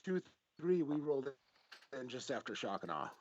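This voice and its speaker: A man's voice: mid-range voice, very animated, moderate pace, crowd noise. A man hosting a podcast in casual chat, talking bluntly with plenty of swearing and rambling asides. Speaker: podcast host. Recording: dull lo-fi audio.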